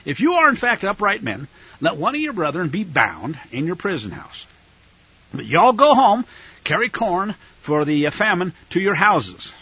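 A man putting on a stern male governor barking accusations, pitched up and animated, with a husky, muffled quality in a dull recording. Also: moderate pace, full character voice. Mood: commanding. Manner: accusing, forceful, declaiming.

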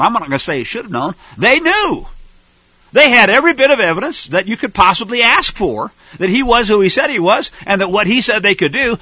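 A man's voice: high-pitched, sharp tone, slightly rough, no room sound, lo-fi sound. A man preaching a sermon in an emphatic way, repeating his points and asking rhetorical questions.

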